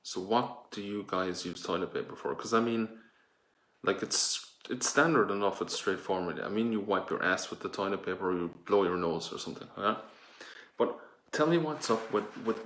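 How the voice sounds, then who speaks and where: Lightly acted and on the low side, this man's voice carries a campy home-made improv sketch in which he plays a vain toilet paper fashion persona. Breathless and gushing, he raves about his look, recorded indoors in an echoey room.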